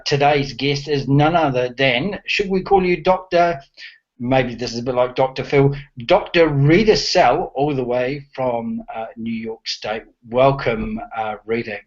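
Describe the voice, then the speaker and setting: A man hosting an online interview show, friendly and hesitant, with many fillers. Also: mid-range voice. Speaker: host. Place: New Zealand. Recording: dull lo-fi audio.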